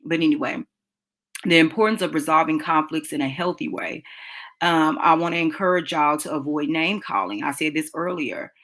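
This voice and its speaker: Low-voiced woman teaching a relationship class. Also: moderate pace, fairly bright tone. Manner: chatty and direct, addresses listeners as y'all. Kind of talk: casual live-class teaching.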